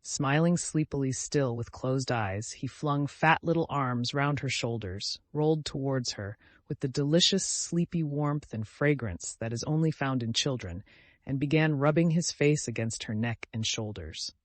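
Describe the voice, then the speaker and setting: A man narrating a classic novel as an audiobook, calm and measured, lifting his voice for the dialogue. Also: mid-range voice, no room sound.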